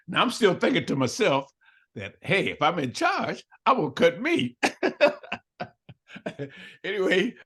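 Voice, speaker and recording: Older man, animated storyteller, quotes others, laughs a lot, very lively pitch. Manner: animated storyteller who acts out dialogue and laughs often. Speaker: interview guest. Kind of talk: storytelling interview.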